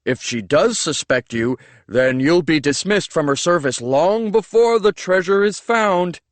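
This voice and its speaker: A man's voice: fairly high pitch, sing-song, unhurried, a bit bright, dry recording, voice pushed up. A man reading an audiobook voices a young man posing as a humble servant, speaking meekly and deferentially. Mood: urgent. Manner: falsely meek and deferential.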